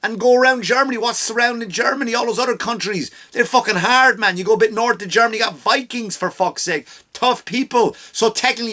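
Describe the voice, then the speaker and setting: A man's voice: extremely high pitch, a little fast, hardly any pauses, sharp tone. An Irish man hosting a comedy podcast, delivering a heated, profane rant. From Ireland.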